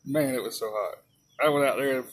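A man's voice: medium pitch, fairly quick. A man, a father, telling laid-back funny stories about his kids in casual chat. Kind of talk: casual storytelling.

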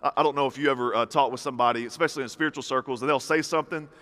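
A man's voice: mid-range voice, fairly even intonation, very fast, bright, forceful tone. A man in his thirties preaching a sermon in a conversational style, with punchy repeated phrases. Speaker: pastor. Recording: reverberant hall.

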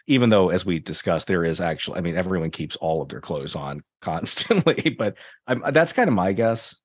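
A man on a comedy podcast, animated, acting out mock quotes. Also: lowish voice, a little fast, few pauses, no room sound. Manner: animated, acts out quotes, many backchannels. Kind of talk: casual comedy podcast chat.

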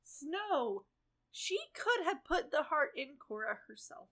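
Woman cohost, voice goes all over the place, lively, cusses for emphasis. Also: high voice, takes it slowly. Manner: emphatic and profane, jumps in on her co-host. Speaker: podcast co-host. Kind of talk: casual chat recapping a TV episode.

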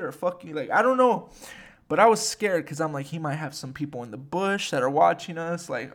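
A young man telling a story in casual chat, animated and swearing, with many fillers. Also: fairly high pitch. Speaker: podcast host.

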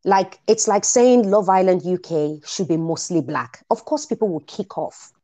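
A woman hosting a casual talk show, animated and quick to laugh, often repeating words as she gets going. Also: on the low side. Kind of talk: casual chat.

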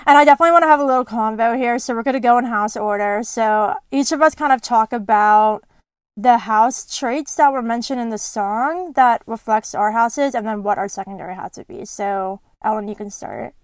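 A woman's voice: a little high, normal speed, no echo. A young woman hosting a podcast, recapping a book in a bubbly, giggly way. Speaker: podcast host. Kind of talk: casual chat retelling a book.

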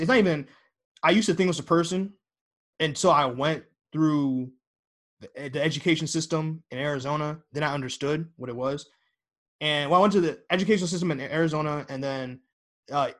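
A man's voice: a little high, a bit bright. A young man hosting a casual podcast, talking in a rambling way with many fillers and restarts. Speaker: podcast host.

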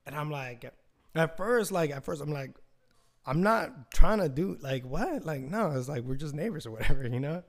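A man's voice: a little high, animated, moderate pace, gravelly. A young man hosting a casual solo podcast, telling a rambling, profane story and acting out quotes in raised voices. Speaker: podcast host.

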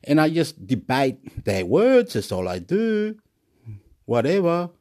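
A man's voice: a little high, huge pitch swings, slow, dark tone. Rambling, repetitive man vlogging. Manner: rambling, repetitive, laughs often. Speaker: YouTuber. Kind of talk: rambling monologue vlog.

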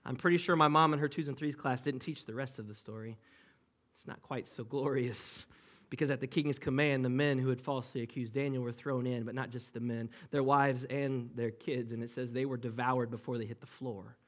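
A man preaching a sermon to his congregation, telling the story with dramatic pauses, jokes and asides. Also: mid-range voice, steady tone, fairly bright tone. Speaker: pastor.

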